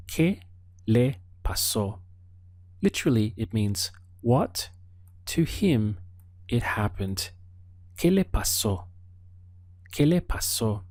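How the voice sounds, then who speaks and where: Slow, patient man teaching a language. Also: medium pitch, darkish tone, dry recording. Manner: slow, patient prompting with pauses for the learner. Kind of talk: audio language lesson.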